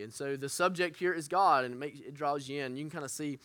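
Leading a church group as its pastor, a man talks quickly in a fairly high, sharp voice. The audio is clean, studio-quality, with no room sound. Earnest and frank, he jokes at his own expense and frequently restarts what he's saying.

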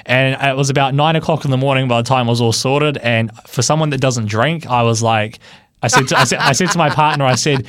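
A man, a radio producer, telling a story on air in a lively way, laughing often and restarting his sentences. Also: medium pitch, brisk, no echo, clean studio sound. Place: radio studio.

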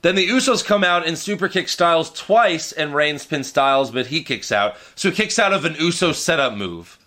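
A man with a bright, forward voice pitched a little above the usual runs through a recap in relaxed podcast chat. He keeps it loose and jokey, moving from one moment to the next. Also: moderate pace. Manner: laid-back, jokey play-by-play recap. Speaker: podcast co-host recapping wrestling. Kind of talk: casual chat.

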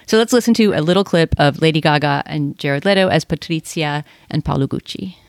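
A woman hosts a casual film talk, articulate and steering the conversation. She speaks fast in a somewhat low voice. The sound is close and dry. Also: dry recording. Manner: articulate, leads the talk, asks co-hosts questions. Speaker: podcast host. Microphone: remote video call.

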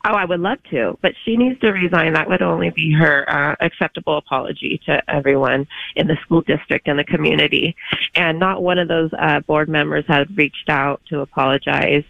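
A woman's voice: sits low, brisk, creaky, no echo. A woman calling in to a talk radio show as a parent, speaking earnestly and insistently. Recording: muffled phone line.

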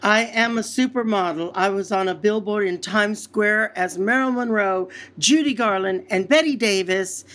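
A celebrity impressionist from San Antonio, Texas, chats casually as an interview guest, telling stories in a breezy, self-mocking manner. His voice sits high with a fairly bright tone, moving at a moderate pace with few pauses.

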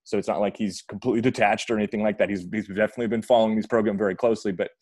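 A man with a lowish voice chats through a sports discussion, wandering and restarting his sentences as he goes. The sound is dry, with no room echo. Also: steady tone, racing, a little mellow. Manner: rambling, self-correcting, chatty. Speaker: podcast host. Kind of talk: casual sports talk.

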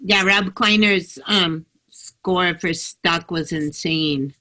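Woman host, low-ish but bright sharp voice, chill, short yeahs. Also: takes it slowly. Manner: relaxed, brief agreeing replies. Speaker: podcast host. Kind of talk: casual podcast interview.

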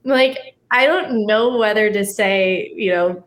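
A woman in casual conversation, relaxed and chatty, laughing often as she talks. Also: medium pitch, takes it slowly. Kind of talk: casual chat.

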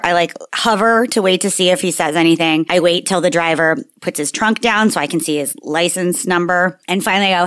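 A woman in her thirties from New York, co-hosting a podcast and telling stories in a casual, profane, animated way. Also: fairly low pitch. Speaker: podcast co-host. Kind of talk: casual chat.

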